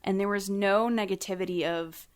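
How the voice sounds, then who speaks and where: A woman guest on a casual podcast, telling a story with animated energy and acting out quotes in a raised voice. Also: mid-range voice, moderate pace.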